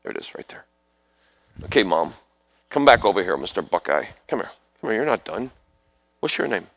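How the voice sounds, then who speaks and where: Male preacher, gravelly, animated pitch; leads fervent altar prayers, calls families forward, loud bursts. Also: fairly quick, no room sound. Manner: calls people forward, prays over them with sudden loud bursts. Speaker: preacher leading prayer ministry.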